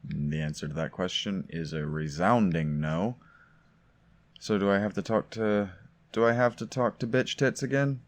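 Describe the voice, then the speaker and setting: A man's voice: low-pitched, fairly even intonation, moderate pace. A man giving sarcastic, mocking commentary while playing a video game. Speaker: let's play commentator.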